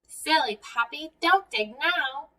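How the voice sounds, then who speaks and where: A woman voicing a cheerful young girl talking gently to her puppy in a storybook reading. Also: sits high, expressive, far from the mic, voice pushed up, exaggerated voice. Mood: coaxing. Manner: gentle, coaxing, slow storybook delivery.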